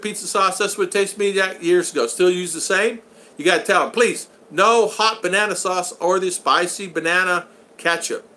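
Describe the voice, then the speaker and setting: A man's voice: sits high, pushed and bright. An older American man hosting a casual livestream, reading viewers' chat aloud, greeting them by name and laughing often. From United States.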